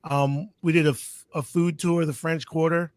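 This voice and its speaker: A man on a casual podcast, telling stories in a relaxed way with small chuckles. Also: fairly high pitch, moderate pace, dry recording, clean studio sound. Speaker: podcast co-host. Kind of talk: casual chat.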